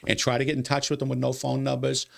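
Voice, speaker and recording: A man who runs a city's elections, explaining voting rules in a casual studio interview, talking quickly and with animation, repeating himself when exasperated. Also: medium pitch, monotone, vocal fry. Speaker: city elections director. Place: local TV studio.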